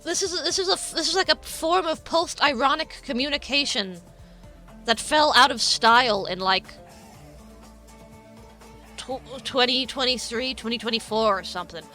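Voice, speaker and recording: Bright high-pitched woman streamer. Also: moderate pace, soft background music. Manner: incredulous, swearing, laughs often. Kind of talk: casual reaction commentary.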